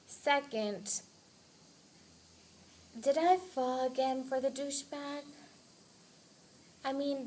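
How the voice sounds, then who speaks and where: A woman's voice: fairly high pitch, slight background noise, rough recording. A teenage girl, venting in a rambling, dramatic storytime vlog, acting out quotes and dropping to a whisper at times.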